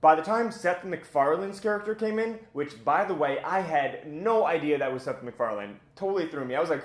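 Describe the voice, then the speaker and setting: A man's voice: fairly high pitch, fairly quick, hardly any pauses, roomy sound. A man giving a casual, blunt and opinionated spoken film review as host of his own channel, chatty with plenty of filler words.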